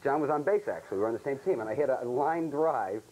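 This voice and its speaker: A man's voice: medium pitch, lively intonation, fast, darkish tone, rough recording. A young man, a comedian guest on a talk show, brash and sarcastic.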